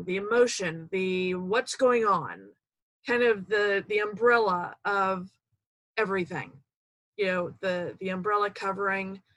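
A woman's voice: mid-range voice, fairly bright tone, no room sound, low-quality recording. A woman hosting a motivational podcast, speaking in an upbeat, playful way close to the mic. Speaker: podcast host.

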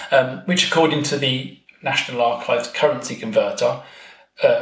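Guesting on a podcast, an author chats his way through a story about his family's history, often saying um and adding wry remarks. He has a medium-pitched, fairly bright voice, heard with a roomy echo.

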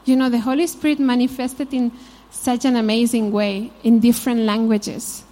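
A Spanish-accented Bible teacher from Spain gives a conversational sermon in an informal, storytelling way, often saying "you know" and adding side stories. Her fairly high voice is warm and level, at a normal speed.

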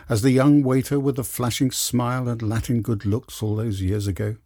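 Expressive, husky male storyteller. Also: fairly low pitch, no echo, studio quality. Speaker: audiobook reader. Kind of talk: scripted narration.

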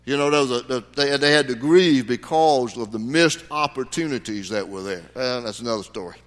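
A man's voice: medium pitch, moderate pace, fairly bright tone. A man preaching a sermon as pastor, folksy, with sudden emphatic rises. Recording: long hall reverb.

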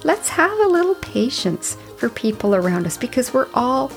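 A woman's voice: sits high, very animated, moderate pace, soft background music. Earnest woman in her fifties telling stories. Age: 50s. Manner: chatty, earnest, gently advising. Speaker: podcast host. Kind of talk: reflective solo storytelling.

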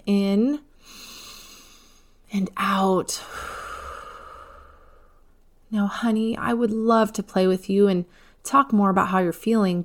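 A woman voicing a kind, patient mother who speaks gently and reassuringly. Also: medium pitch, lightly acted.

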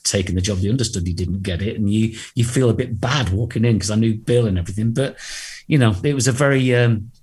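A husky, fairly low-voiced middle-aged man tells a rambling anecdote as an interview guest. He acts out the people in his story and laughs along the way. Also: quick pace, a little mellow. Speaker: guest singer.

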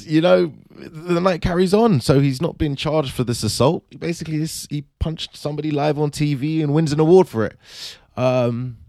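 A man vlogging, telling his theory in a chatty, animated way with many fillers. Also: on the high side, no echo, studio quality. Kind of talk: casual commentary monologue.

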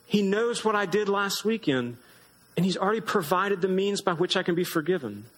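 A man's voice: lively intonation, fairly quick, a bit bright, rough recording. A man preaching an earnest sermon as pastor, lifting his voice for emphasis. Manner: earnest, rises in pitch for emphasis.

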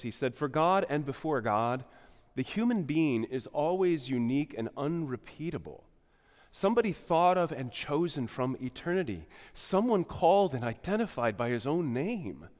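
A man delivers a sermon from the pulpit of a church, his fairly high voice rising and falling with lively intonation. He pushes hard on key words, then drops into hushed, intimate asides. The sound carries a long, roomy reverb. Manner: animated preaching with swings between loud emphasis and quiet asides. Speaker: pastor.

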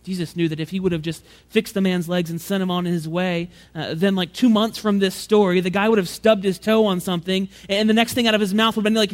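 A man preaching a sermon in a conversational way, often repeating words as he restarts, and acting out quotes in a louder, higher voice. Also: fairly even intonation, fast talker, few pauses. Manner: conversational preaching, acts out quotes with rising pitch and volume. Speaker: pastor.

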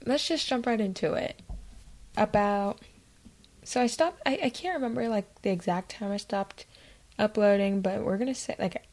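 A woman's voice: mid-range voice, normal speed, darkish tone, rough recording. A young woman hosting her own podcast in a chatty, self-mocking way, with lots of fillers. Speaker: podcast host. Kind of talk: casual solo podcast chat.

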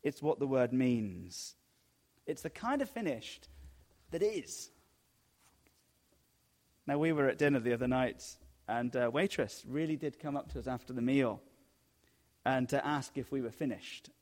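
A middle-aged male pastor preaching a sermon in an easygoing, storytelling way, often dropping his voice low and soft. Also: lively intonation, a little slow, pauses often. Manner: conversational storytelling with sudden soft drops.

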